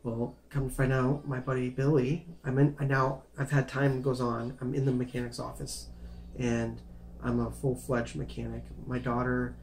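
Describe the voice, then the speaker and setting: A man's voice: medium pitch, little pitch movement, normal speed, a little hiss or hum. A man telling a personal life story to camera in a casual, rambling way, restarting phrases and apologizing for going off track. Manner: rambling, repeats words, apologizes for veering off. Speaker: vlogger sharing his life story.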